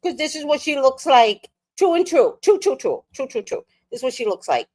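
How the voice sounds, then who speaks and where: Woman host, casual late-night stream chatter, slightly high voice, lots of laughing and cursing. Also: big pitch swings, brisk, a little mellow. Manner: profane, laughs often, reads viewer comments aloud. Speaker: livestream host.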